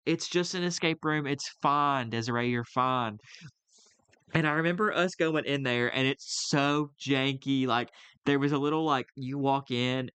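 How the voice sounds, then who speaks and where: Young guy podcast host rambling through a story, smooth clear voice, dry close mic. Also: medium pitch, fairly bright tone, dry recording. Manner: rambling storyteller with many fillers and restarts. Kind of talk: casual chat.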